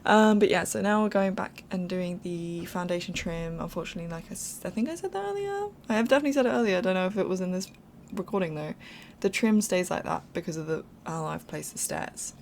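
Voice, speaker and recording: A woman's voice: lowish voice, animated, quick pace, gravelly, few pauses, darkish tone, slight background noise. A young woman giving casual, rambling voiceover commentary over a game build from home, chatty and apologetic, often laughing. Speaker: game speed-build creator.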